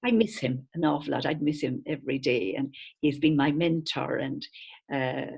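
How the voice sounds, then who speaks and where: An older Irish woman teaching informally to an online audience, lively and quick to laugh, calling her listeners lads. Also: very deep voice, vocal fry, husky. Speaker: teacher and singer of chants. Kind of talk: warm informal online talk.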